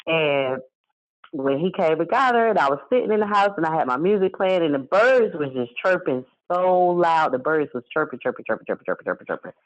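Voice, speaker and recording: A woman's voice: deep voice, animated, normal speed. A woman telling a personal story in conversation, rambling, repeating herself and using many fillers. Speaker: guest. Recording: dull lo-fi sound.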